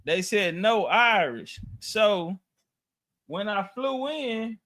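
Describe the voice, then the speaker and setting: A man telling a travel story in loose, slangy casual talk, full of restarts and profanity, sometimes sinking to a low mutter. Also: lively intonation, extremely slow, a bit bright, no room sound.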